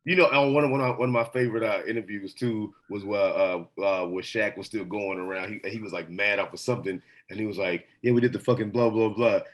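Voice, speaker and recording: A man's voice: fairly low pitch, fairly even intonation, a little fast, hardly any pauses, a bit bright. A man co-hosting a podcast in casual chat, rambling and repeating himself, swearing freely. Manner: rambling, repeats words, lots of profanity. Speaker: podcast co-host.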